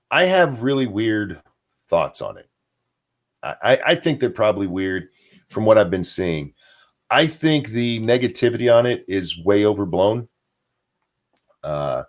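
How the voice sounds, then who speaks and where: Hosting a laid-back livestream, this man speaks in a lowish register with lots of animation, taking his time and pausing often. He wanders through the viewer chat with chuckles and filler words, reading out and responding to messages and donations.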